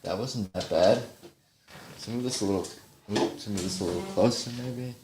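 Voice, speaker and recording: A man hosting a casual livestream while practicing guitar, rambling, thinking out loud and putting himself down. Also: on the low side, moderate pace, roomy sound, noisy background. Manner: rambling, thinks aloud, self-deprecating. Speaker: livestream host. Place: home practice room. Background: guitar playing.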